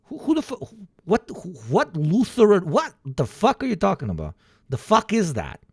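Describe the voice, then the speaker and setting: A man rants on a livestream, swearing and mocking in put-on voices. His pitch swings widely as he talks. The sound is close and dry, with no room around it. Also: normal speed, dry recording. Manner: profane, animated ranting with sarcastic mock voices. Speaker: streamer. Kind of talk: casual livestream commentary.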